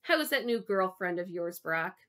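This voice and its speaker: Woman doing a bright, coaxing mom. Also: on the low side, expressive, moderate pace. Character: cheerful mom trying to get dinner talk going.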